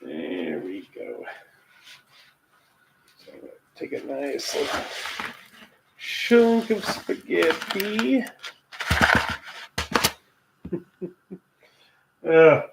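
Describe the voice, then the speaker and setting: An American man in the middle of his pitch range talks while he cooks, wandering off into rambling asides and chuckling. His voice rings in a roomy home kitchen with a faint hum behind it. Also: sing-song, slow, pauses often, recorded from a distance. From United States. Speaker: cooking vlogger and English teacher. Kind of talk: casual cooking livestream chat. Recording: echoey kitchen with faint ambient noise.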